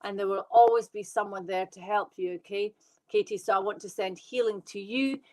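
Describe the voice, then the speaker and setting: A woman working as a medium, giving live readings to viewers in an excitable, fast, reassuring way. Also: mid-range voice, poor audio. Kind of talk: live online psychic reading.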